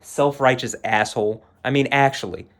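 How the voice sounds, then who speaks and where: A man's voice: medium pitch, moderate pace, a bit bright. A man vlogging an agitated, heated rant, shaking with anger and repeating himself. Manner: agitated, heated, repetitive, swearing. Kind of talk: angry personal rant to camera.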